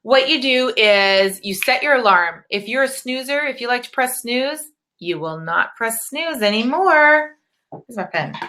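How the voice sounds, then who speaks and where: A woman's voice: fairly high pitch, lively intonation, measured pace, pushed and bright. A woman life coach giving a live webinar talk, blunt and casual, swearing freely as she coaches.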